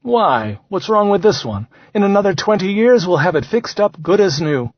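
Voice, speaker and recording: A man's voice: high voice, big pitch swings, moderate pace, no echo, exaggerated voice. A man voicing a mild, reasonable father in an audiobook. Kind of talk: audiobook character voice. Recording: slightly dull, dry recording.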